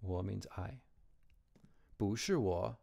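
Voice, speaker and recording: A man teaching Chinese characters, explaining strokes and tones slowly and carefully. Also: lowish voice, vocal fry, mellow. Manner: slow, careful modeling of pronunciation.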